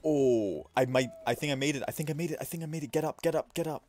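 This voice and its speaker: A young man casually talks over his gameplay on stream, chatty and quick to laugh at himself, bouncing between mumbles and loud outbursts. He speaks fast in a higher-than-average voice, with soft background music.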